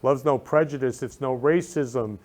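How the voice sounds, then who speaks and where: A man's voice: medium pitch, normal speed, darkish tone. A man hosting his talk show from his room, speaking effusively and repeating loving phrases with emphatic stress. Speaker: show host. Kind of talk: casual talk show monologue.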